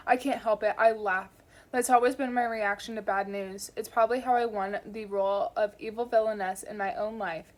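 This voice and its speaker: A woman casually reading a first-person novel aloud in a wry, lively way, now and then stumbling over words and commenting on her slips. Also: mid-range voice, moderate pace. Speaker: audiobook reader. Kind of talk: casual home audiobook reading.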